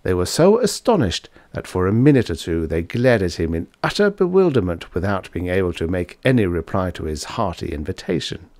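Male storyteller, lower voice, animated reads, dry booth sound. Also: fairly quick, few pauses, no echo. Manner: expressive storytelling. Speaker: audiobook narrator. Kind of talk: scripted narration.

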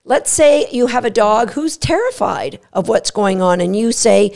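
A woman's voice: medium pitch, expressive, unhurried, gravelly, few pauses, a little mellow. A woman hosting a podcast on dog training, talking emphatically and acting out what dogs say. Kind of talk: podcast monologue.

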